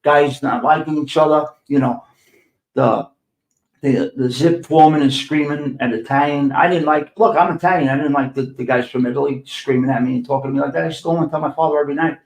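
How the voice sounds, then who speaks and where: A man's voice: on the high side, steady tone, brisk. An older man with a New York accent, telling street stories on his podcast in a blunt, profane, sarcastic way. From New York City. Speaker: podcast host. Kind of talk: profane storytelling monologue. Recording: echoey room.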